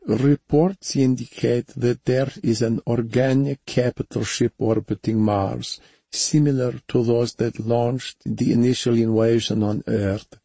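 Female starship AI, played by a male narrator, emotionless monotone, slow measured delivery. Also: medium pitch, gravelly, dry recording, pitched above the performer's own voice. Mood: flat reporting.

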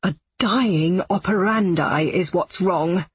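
A woman's voice: fairly low pitch, slow, slightly rough, no echo, exaggerated voice. A woman reading an audiobook voices a frantic, impatient man speaking in urgent, clipped lines. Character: frantic, impatient adult male brother.

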